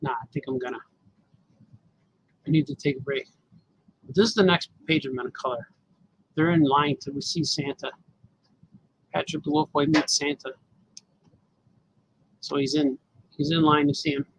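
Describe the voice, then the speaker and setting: Gravelly cartoonist chatting as he draws. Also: a little high, steady tone, normal speed, long pauses, slight background noise, low-quality recording. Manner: rambling, talks to the viewers as he works. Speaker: cartoonist livestreaming his drawing. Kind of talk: casual live commentary while drawing.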